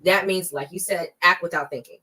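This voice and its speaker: This rough recording captures a fairly low-pitched woman whose tone is bright and forceful. In her thirties and a podcast guest expert, she talks emphatically and conversationally about spotting fraud, slipping into quick bursts of mock scam calls.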